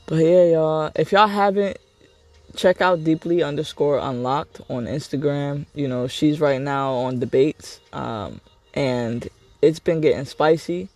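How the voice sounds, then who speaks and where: A man's voice: fairly high pitch, steady tone, a little slow, darkish tone, no room sound, soft background music. A young man hosting a podcast, talking candidly in a rambling, repetitive way. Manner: candid, rambling, repeats himself. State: getting emotional. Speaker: podcast host. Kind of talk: casual personal monologue.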